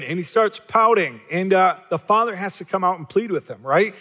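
Male pastor, high voice, emphatic and repetitive, light self-deprecating humor; long hall reverb. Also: a little fast, few pauses, fairly bright tone. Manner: rhetorical questions to the congregation, repetitive emphasis. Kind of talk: sermon.

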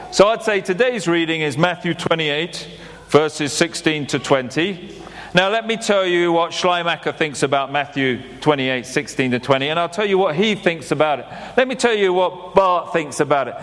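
Male preacher, plain-spoken and repetitive, high-ish voice, reverberant church hall. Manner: plain-spoken, repeats phrases for emphasis. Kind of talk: sermon.

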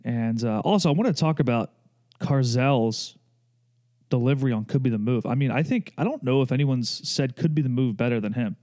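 A young man talks casually as a podcast host. His voice is mellow and dark, and he rambles in a loose, joking way with plenty of fillers. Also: mid-range voice, fairly quick. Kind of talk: casual chat.

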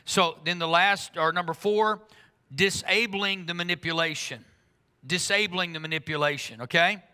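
A man preaching a sermon in an earnest way, slowing down for emphasis and speeding up for asides. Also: high-pitched, bright, forceful tone. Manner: earnest, shifts between slow emphatic lines and quick asides. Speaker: pastor. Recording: long reverb of a large hall.

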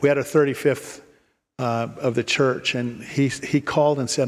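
A man's voice: medium pitch, fairly even intonation, normal speed. Man preaching in a reverberant church. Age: 50s or older. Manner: storytelling, with frequent restarts and repeated words. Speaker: pastor. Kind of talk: sermon. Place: church sanctuary.

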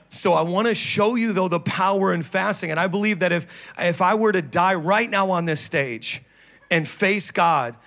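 A male pastor preaching a sermon on stage, animated and playful, with sudden drops into low, quiet emphasis. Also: vocal fry. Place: church stage.

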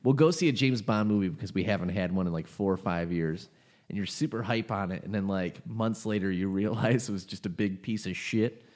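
Low-voiced man hosting a casual podcast. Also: brisk, darkish tone. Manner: opinionated, rambling. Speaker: podcast host.

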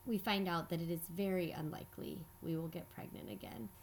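A woman telling a personal story in scripted narration, measured and reflective. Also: on the low side, fairly even intonation, slight background noise. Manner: measured, reflective, quietly earnest.

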